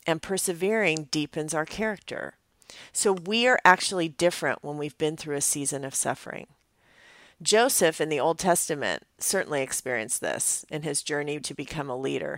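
A woman's voice: low voice, a bit bright, no echo. A woman teaching a devotional message as a pastor, earnest and reflective in a conversational way.

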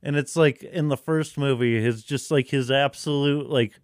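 A man co-hosting a podcast, chatting casually in a rambling, profane, excitable way. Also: mid-range voice, moderate pace, no room sound, studio quality. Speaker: podcast co-host. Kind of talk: casual chat.

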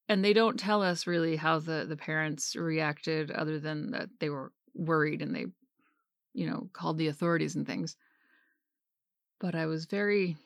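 A woman's voice: gravelly, dry recording, studio quality. A woman in her thirties co-hosting a book podcast, chatting casually and acting out quotes with animation. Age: 30s. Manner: animated, acts out quotes in a higher voice. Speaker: podcast co-host. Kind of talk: casual book-discussion chat.

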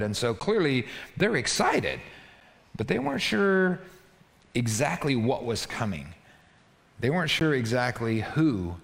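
A man preaching a sermon in a lively, conversational way, often checking in with his listeners. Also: medium pitch, big-room sound. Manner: animated, conversational, frequent "right?" asides. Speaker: pastor.

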